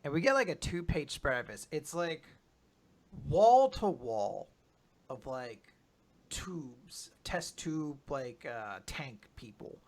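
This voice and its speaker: A man hosting a podcast, recapping comics in casual chat with animated storytelling. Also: a little high, slow. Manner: animated storytelling with silly voices and laughs. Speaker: podcast host.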